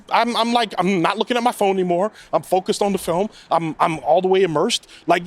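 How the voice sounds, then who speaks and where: A man hosting his own podcast, giving a casual, chatty movie review with loud bursts and exasperated asides. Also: high voice, lively intonation, fast talker, hardly any pauses. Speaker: podcast host, film reviewer.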